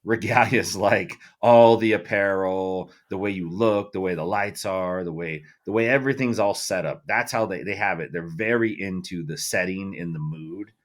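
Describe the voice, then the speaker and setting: A man's voice: deep voice, normal speed, few pauses. A middle-aged man co-hosting a podcast in loose, profane casual chat, full of fillers. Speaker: podcast co-host.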